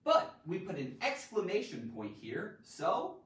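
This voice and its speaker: A man hosting a playful live-streamed grammar lesson, theatrical and full of sudden loud exclamations. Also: high voice, wildly swooping pitch, a little slow. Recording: roomy echo, mic at a distance.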